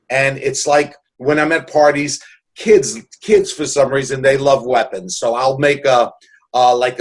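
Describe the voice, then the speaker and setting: A man in his sixties from New York City, telling stories in an interview in an earnest, joking way with many restarts. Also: medium pitch. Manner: earnest, jokey, rambling with restarts. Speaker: guest. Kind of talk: casual interview storytelling.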